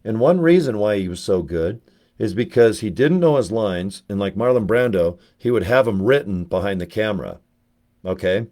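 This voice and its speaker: Low-voiced man telling rambling stories. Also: normal speed. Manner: rambling, animated, jumps between anecdotes. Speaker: network marketer. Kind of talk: casual storytelling to camera.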